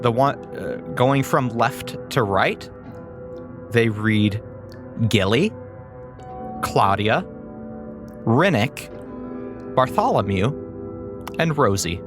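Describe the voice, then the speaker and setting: A man narrating a tabletop game as game master, relaxed with halting descriptions. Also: mid-range voice, over music.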